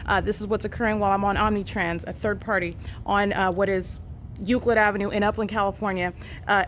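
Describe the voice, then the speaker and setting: A woman's voice: medium pitch, a little hiss or hum. Insistent woman narrating her phone footage. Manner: insistent, repetitive, accusatory monologue with many fillers. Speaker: vlogger. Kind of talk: filming and narrating outdoors. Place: outdoors near an apartment building.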